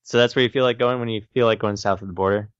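A man's voice: lowish voice, steady tone, very fast, clear, resonant tone, no room sound. A man co-hosting a podcast in casual chat, dry and teasing. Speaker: podcast co-host. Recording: dull lo-fi sound.

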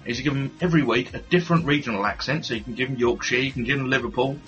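A man with an English accent rambles through jokes on a podcast, correcting himself as he goes. His voice is bright and forward. The recording sounds a little dull, with faint music behind. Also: medium pitch, rapid-fire, slightly rough. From Britain. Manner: joking, rambling, self-correcting. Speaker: podcast co-host. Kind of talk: casual podcast chat.

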